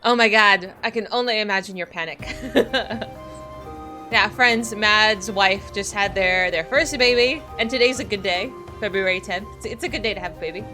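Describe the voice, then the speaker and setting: This woman in her forties, talking at a moderate pace in a mid-range voice, chats with viewers during a gaming livestream. She rambles and gushes, laughing frequently. Music plays underneath her.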